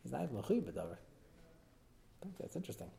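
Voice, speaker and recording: Fast-talking man leading a study class. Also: mid-range voice, gravelly, slight background noise. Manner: animated, quick explaining with frequent fillers. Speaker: teacher. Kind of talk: text-study class lecture.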